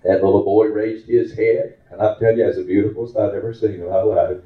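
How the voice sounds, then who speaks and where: A man's voice: fairly low pitch, fairly even intonation, a little fast. A man preaching a sermon, telling a folksy story that builds to fervent exclamations. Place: church. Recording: roomy, dull lo-fi church recording.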